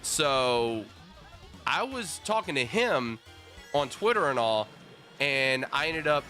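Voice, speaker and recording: Bright, animated man telling a story. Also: mid-range voice, takes it slowly, faint music behind. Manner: animated, swears freely, lots of restarts. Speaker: streamer host. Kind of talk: casual storytelling while gaming.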